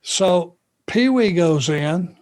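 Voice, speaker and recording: A man from Georgia, co-hosting a podcast and telling a long anecdote in an unhurried, drawn-out way. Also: high-pitched, animated, darkish tone. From Georgia, USA. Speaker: podcast co-host. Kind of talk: casual storytelling chat.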